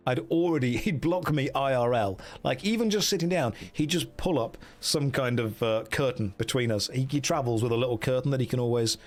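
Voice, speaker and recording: A man's voice: medium pitch, brisk, hardly any pauses. An English man streaming a gamebook, bantering with chat in a jokey way and laughing often. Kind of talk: casual stream commentary.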